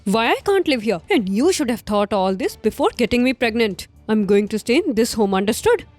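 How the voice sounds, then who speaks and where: A woman's voice: fairly high pitch, very animated, brisk, darkish tone, faint music behind. An actress playing a defiant, suspicious pregnant young girlfriend who talks in a demanding, confrontational way.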